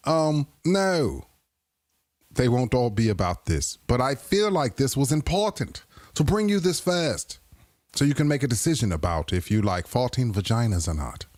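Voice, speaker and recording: A man's voice: mid-range voice, lively intonation, unhurried, pauses often, darkish tone, no room sound. A man hosting a live stream, reacting to clips with crude, playful jokes and frequent laughter. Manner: playful, keeps breaking into laughter; crude joking banter. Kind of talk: casual reaction commentary.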